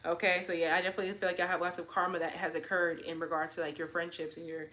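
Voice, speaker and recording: A woman's voice: on the low side, little pitch movement, racing, bright, forceful tone. A woman in her twenties giving a casual pick-a-card tarot reading, chatty and slangy, tagging nearly every line with "okay?". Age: 20s. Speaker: tarot reader.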